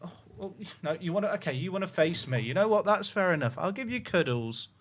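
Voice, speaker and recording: A man's voice: high voice, lively intonation, a little fast, a bit bright, a little hiss or hum. A man on a headset mic, talking to his livestream chat while cooing to his dog in baby talk. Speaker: game streamer.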